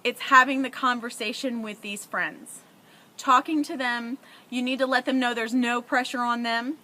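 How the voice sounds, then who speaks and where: A middle-aged woman, a parent vlogger, talks earnestly and emotionally to the camera, sharing parenting advice in a conversational way. Her voice is fairly high with fairly even intonation, a sharp tone, and normal speed.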